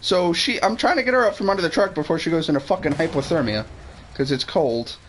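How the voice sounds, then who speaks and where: A man's voice: on the high side, fast talker, a bit bright, a little hiss or hum, poor audio. A man streaming a game who tells a long, rambling story with plenty of swearing and restarted sentences. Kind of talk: casual storytelling while gaming.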